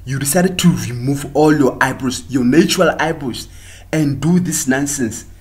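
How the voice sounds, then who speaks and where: A man's voice: mid-range voice, normal speed, darkish tone. A South African man doing a mocking comic rant to the camera, preaching at women and switching between English and local languages. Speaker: comedian vlogger.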